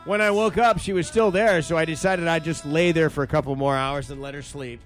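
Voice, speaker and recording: A man's voice: a little high, brisk, soft background music. A man hosting a talk show, reading out funny stories and joking around in casual banter. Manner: joking, animated storytelling. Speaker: radio show host reading listener stories.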